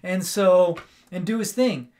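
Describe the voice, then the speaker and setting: Animated, rambling man recounting a film. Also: high voice, measured pace. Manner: animated, rambling storyteller with many "like" and "right?". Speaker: podcast co-host. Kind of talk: casual podcast chat.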